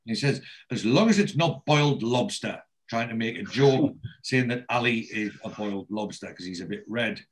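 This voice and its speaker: A man's voice: mid-range voice, moderate pace. A man casually recapping a TV episode, quoting the characters' lines with frequent ums and restarts.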